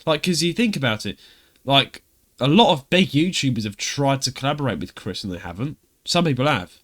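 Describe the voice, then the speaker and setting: A man's voice: mid-range voice, animated, brisk, a bit bright. A young British man hosting a casual podcast chat, rambling and laughing often as he tells stories. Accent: British English. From Britain. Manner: chatty, rambling, laughs often, puts on voices when quoting others. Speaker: podcast host.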